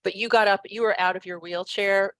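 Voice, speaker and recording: A woman's voice: mid-range voice, fairly even intonation, a little fast, no echo. A woman hosting an interview podcast, giving short affirming replies and questions. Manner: brief affirming responses. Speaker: podcast host.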